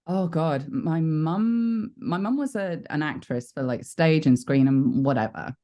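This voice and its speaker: A woman's voice: low voice, expressive, a little slow, warm tone. A British woman in her forties, a voice actor guest in an interview, talking candidly and chattily about her life and laughing at herself. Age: 40s. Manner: frank, chatty storyteller who laughs at herself.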